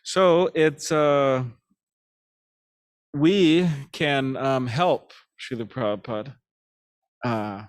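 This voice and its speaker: A man giving a devotional class, speaking in a halting way with many fillers and restarts, chuckling now and then as he tells stories. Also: medium pitch, steady tone, clear, resonant tone. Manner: chuckles while telling stories.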